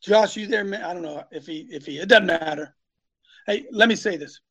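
A man's voice: high voice, fairly quick, fairly bright tone, slightly rough. A man preaching emphatically as host of a live talk show, repeating his points and calling on co-hosts by name. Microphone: phone.

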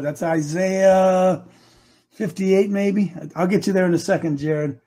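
Older male preacher in his sixties, very high voice, fervent and near tears, drops soft then shouts. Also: steady tone, slow. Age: 60s. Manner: impassioned, swinging from hushed to shouting; emotional, close to tears. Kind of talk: sermon.

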